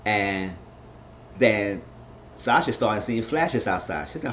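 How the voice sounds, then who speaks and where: A man's voice: fairly low pitch, expressive, takes it slowly, pauses often, a bit bright. A man casually recapping a TV episode, retelling it loosely with lots of filler phrases. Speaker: TV recap reviewer. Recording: dull lo-fi sound with faint noise.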